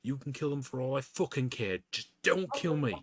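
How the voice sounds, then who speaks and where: A man's voice: animated, normal speed, a crowd in the background, natural voice. A battered bandit voiced by a man curses in a raised, strained voice and pleads to be spared. He sounds beaten and furious at once. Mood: pleading angry. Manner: swearing, pleading, high and loud. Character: injured defeated male bandit, cursing.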